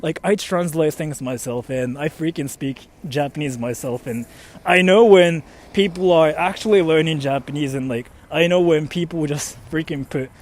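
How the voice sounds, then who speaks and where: A man's voice: fairly high pitch, normal speed. A young man chatting casually on a livestream, reading out donations and rambling with lots of fillers and mild swearing. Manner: animated, rambling, swears mildly, many fillers.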